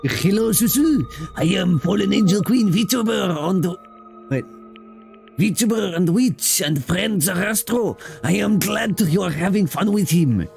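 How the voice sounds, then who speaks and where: A man's voice: extremely high pitch, gravelly, a little mellow, soft background music, voice pushed up, full character voice. A man putting on a bad French accent to play a pompous, theatrical stage magician. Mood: grandiose. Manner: theatrical, drawn-out, grand.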